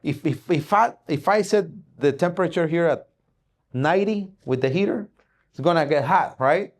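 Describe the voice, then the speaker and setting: Animated man telling a parable. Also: a little high, normal speed. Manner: animated storytelling, acts out dialogue, frequent "right?" tag. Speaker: speaker at an investing event. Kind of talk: motivational talk with a parable.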